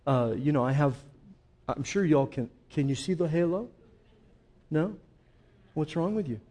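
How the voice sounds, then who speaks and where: A pastor delivers a sermon in a fairly high voice. He talks to the congregation like friends, calling them folks. He drops to hushed intensity, then rises to loud emphasis. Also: animated, a little slow. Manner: conversational preaching, addresses listeners as folks; shifts between quiet intensity and loud emphasis.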